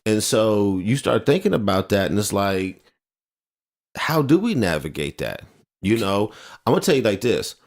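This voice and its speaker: Deep-voiced man, relaxed slangy talk. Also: moderate pace. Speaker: podcast co-host. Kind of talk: casual chat.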